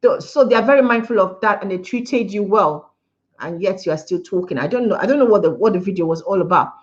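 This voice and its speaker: A woman's voice: medium pitch, fast talker, muffled recording. A woman hosting a casual livestream, giving an emphatic opinion, repeating her points and talking to viewers. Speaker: livestream host. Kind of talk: casual live-stream commentary.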